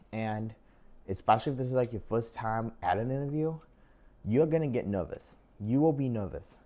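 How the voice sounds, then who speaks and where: Here the young man sounds on the low side and slightly mellow, giving relaxed job interview advice straight to camera. He talks chattily, leans on "um" and "like," and refers to viewers as guys.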